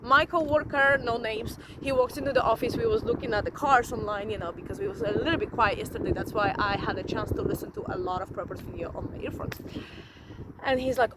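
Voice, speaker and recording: Profane, animated woman vlogging outdoors. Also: fairly high pitch, brisk, noisy background. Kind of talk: casual monologue to camera.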